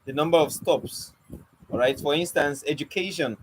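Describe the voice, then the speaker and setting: A man's voice: on the high side, normal speed, slight background noise, poor audio. A young man teaching an online poetry lesson, coaxing and questioning his students with light teasing. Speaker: poetry mentor.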